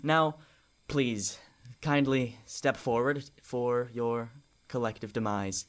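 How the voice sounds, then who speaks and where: A man's voice: medium pitch, steady tone, takes it slowly, close to an everyday voice. A man voicing a smug, scheming villain lord who speaks in a formal, mocking, theatrical way. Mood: menacing.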